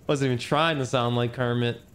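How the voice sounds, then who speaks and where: A man's voice: mid-range voice, fairly even intonation, a little fast, a bit bright, a little hiss or hum. A man streaming a video game, chatting casually in a rambling, joking, self-mocking way, over game music. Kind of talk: casual gaming commentary.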